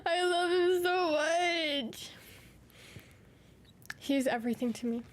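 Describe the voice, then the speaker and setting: A woman's voice: very high voice, takes it slowly, slight background noise. A woman streamer chatting casually with viewers from her room at home, gushing and doting, slipping into baby talk.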